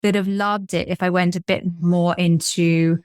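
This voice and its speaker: Chatty English woman, fairly low voice. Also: little pitch movement, moderate pace, a little mellow, smooth, no room sound, clean studio sound. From England. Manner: chatty, laughs often, playful. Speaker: podcast co-host and coach. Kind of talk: casual chat.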